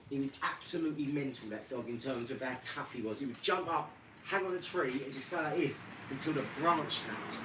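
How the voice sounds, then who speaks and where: A man chatting casually about his dogs, jumping into animated bits whenever he acts out a scene. His voice sits at an ordinary middle pitch. He is recorded a little off-mic in an echoey room, with clear background noise. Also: fairly quick, far from the mic. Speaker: vlogger. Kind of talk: casual rambling storytelling.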